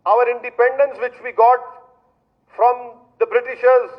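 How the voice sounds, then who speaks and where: High-pitched Indian English man, emphatic. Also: flat delivery, highs cut off. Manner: emphatic, repetitive rhetorical addresses, measured phrasing. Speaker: politician. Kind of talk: public political statement.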